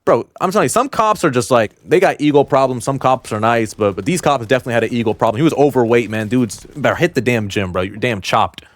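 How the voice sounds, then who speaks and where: A young man telling a personal story to camera in a blunt, slangy, animated way. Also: medium pitch, quick pace, hardly any pauses, no room sound. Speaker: storytime vlogger.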